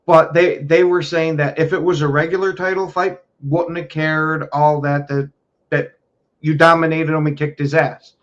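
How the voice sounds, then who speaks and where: A man with a slightly raised voice chatting in a measured, even-handed way on a podcast. His audio comes through a bit dull and lo-fi. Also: fairly high pitch. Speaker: podcast co-host. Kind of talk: casual chat.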